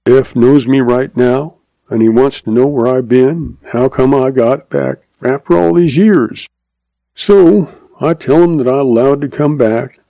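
A man's voice: mid-range voice, vocal fry, mellow, no echo, dull audio. A man reading an old-west story aloud in a drawling cowboy dialect, plain and dry in manner. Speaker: narrator.

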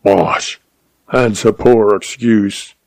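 A man voicing a gruff, bullying older stepfather who roars his words out slowly and rudely. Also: medium pitch, a little mellow, no echo. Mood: harsh bullying. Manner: roaring, slow and rude.

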